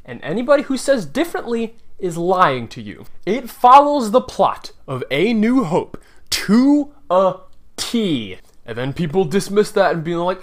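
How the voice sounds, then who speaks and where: A man's voice: high voice, very animated, moderate pace. A man giving a casual, opinionated movie review, ranting with sarcasm as he picks apart scenes. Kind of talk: casual spoiler review rant.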